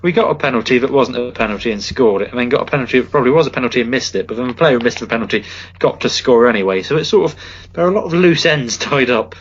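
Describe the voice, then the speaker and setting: A man of middle pitch co-hosting a casual podcast, who rambles along with plenty of ums and restarts. The audio sounds dull and lo-fi, its top end rolled off. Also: rapid-fire, husky. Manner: rambling, many fillers and restarts. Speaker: podcast co-host. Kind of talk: casual football chat.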